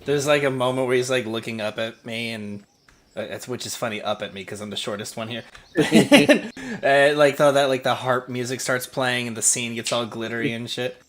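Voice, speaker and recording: A man's voice: mid-range voice, a little fast. A man playing a tabletop game, joking and swearing in casual chat. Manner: animated, joking, swears freely. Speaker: player.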